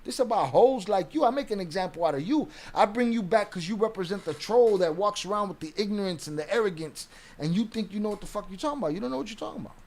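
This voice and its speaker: A man's voice: sits high, lively intonation, quick pace, few pauses, a little mellow. A man streaming live and reacting to an interview, ranting at a viewer in a profane, confrontational way.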